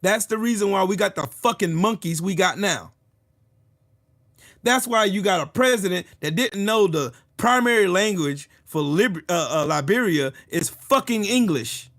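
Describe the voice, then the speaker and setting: A combative man ranting straight to his audience, cursing freely and mocking his critics. His voice sits a little high for a man and swings widely in pitch as he hammers each point. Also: animated, unhurried, a bit bright. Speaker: channel host. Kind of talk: ranting commentary.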